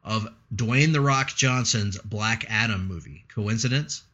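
A man's voice: fairly low pitch, unhurried, bright, forceful tone, dull audio. A man co-hosting a casual comics podcast, chatty and laughing often. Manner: chatty, laughs often, breaks into a mock radio announcer voice. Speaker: podcast co-host.

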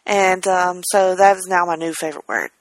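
A woman co-hosting a casual podcast, quick to laugh and filling her speech with ums and uhs. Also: on the low side, dry recording, rough recording. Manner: animated and quick to laugh, with lots of fillers. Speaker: podcast co-host. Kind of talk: casual chat.

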